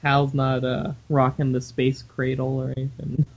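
A man's voice: mid-range voice, monotone, normal speed, creaky, a little mellow, highs cut off. A man co-hosting a casual comic book podcast, joking and laughing often as he talks. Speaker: podcast co-host.

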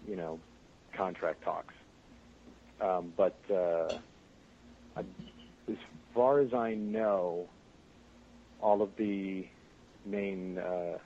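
A man's voice: sits low, warm tone. A man who works as a voice actor, telling stories animatedly with frequent laughs in a casual interview. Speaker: voice actor guest. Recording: muffled podcast audio with faint noise.

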